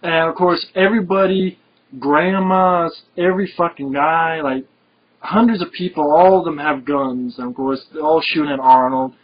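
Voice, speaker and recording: A man with a slightly high voice chats casually about a film he loves, rambling eagerly and piling up fillers. His tone is loose and excited. The audio is muffled and lo-fi. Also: moderate pace. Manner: enthusiastic and rambling, with frequent fillers and laughs. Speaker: film reviewer. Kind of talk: casual film review chat. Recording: dull lo-fi recording.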